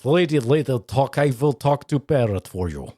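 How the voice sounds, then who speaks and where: A man putting on a gruff Eastern European pet store owner who speaks in broken, clipped English. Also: mid-range voice, animated, moderate pace, dark tone, no room sound, clean studio sound, lightly acted. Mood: placating. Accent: put-on Eastern European.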